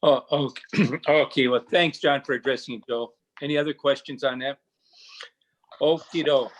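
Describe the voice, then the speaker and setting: A man's voice: medium pitch, fairly even intonation, moderate pace, low-quality recording. A man, the mayor, chairing a council meeting in a folksy, chatty way.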